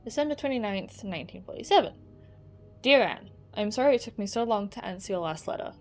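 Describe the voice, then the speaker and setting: Woman reading out a young 1940s woman's love letters, tender, mid pitch, plain reading. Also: expressive, fast talker, slight background noise, close to an everyday voice. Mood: resigned. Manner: reading aloud, tender then resigned. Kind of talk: reading game letters aloud.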